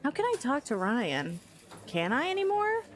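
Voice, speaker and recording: American woman streamer, high bright voice, laughs and swears nonstop while gaming. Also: moderate pace, soft background music. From United States. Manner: laughs constantly, animated, swears. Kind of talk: live gameplay commentary.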